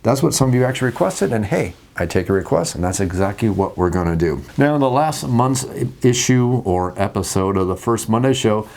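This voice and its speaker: Fast-talking, jokey male game host. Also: lowish voice, vocal fry. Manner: animated and jokey, acts out table scenes. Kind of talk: casual talk about tabletop games.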